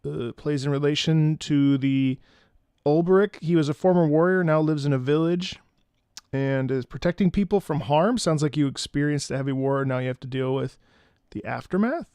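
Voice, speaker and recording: A man's voice: on the high side, moderate pace, darkish tone, clear, resonant tone, no echo, clean studio sound. A man hosting a casual reaction video, chatting and reading out viewer requests at home.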